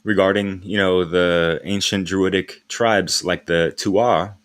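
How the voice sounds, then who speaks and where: A man's voice: low-pitched, steady tone, measured pace, a bit bright. A man hosting his own live stream in a casual, rambling way, using street slang and laughing often as he talks.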